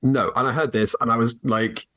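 A man's voice: mid-range voice, little pitch movement, normal speed, fairly bright tone. A man from England, guest co-host on a podcast, who laughs often and explains at length with fillers. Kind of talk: casual podcast chat.

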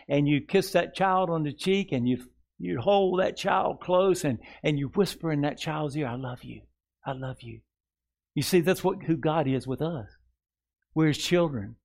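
Earnest preacher, fairly high voice. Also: male voice. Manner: earnest preaching with rhetorical questions, drops soft for tender asides. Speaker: pastor. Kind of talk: sermon. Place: church sanctuary before a congregation.

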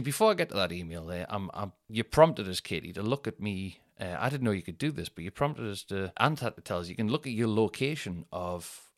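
A Northern English man hosting his own podcast, talking alone in a rambling, sweary, self-mocking way. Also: fairly low pitch. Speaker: podcast host. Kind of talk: casual solo podcast chat.

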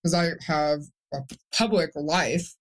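A woman's voice: low voice, unhurried. A young woman speaking candidly and emotionally as a guest on a podcast, rambling with restarts. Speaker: guest, stroke survivor. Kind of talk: podcast interview.

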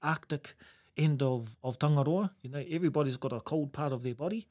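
A man's voice: fairly high pitch, a little fast, a little mellow. A New Zealand man telling stories in a casual chat, reflective, laughing often and using Maori words.

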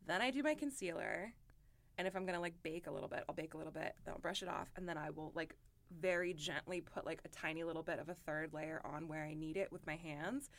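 Young woman podcast co-host, rather low voice, animated chatty delivery. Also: brisk. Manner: chatty, animated, lots of fillers. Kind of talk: casual beauty chat.

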